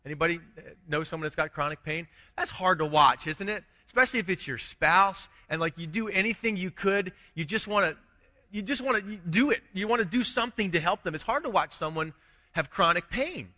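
A man pastor delivers a sermon in a talky, questioning way. His voice sits high and sounds sharp and bright. A long reverb from the church hall follows each phrase. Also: brisk. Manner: conversational preaching, frequent restarts, rhetorical questions.

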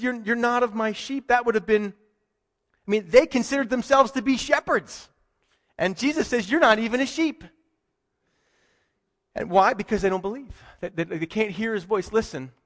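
A man preaches a sermon in a high, ringing voice, talking to his congregation conversationally and with emphasis. He often asks questions of his listeners. His voice trails off into the long reverb of a large hall. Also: a bit bright. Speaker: pastor.

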